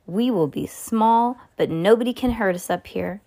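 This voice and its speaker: A woman reading aloud and voicing a young boy, eager and excited, in a storybook. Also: mid-range voice, normal speed, natural voice. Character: high-voiced young boy turned bird, eager.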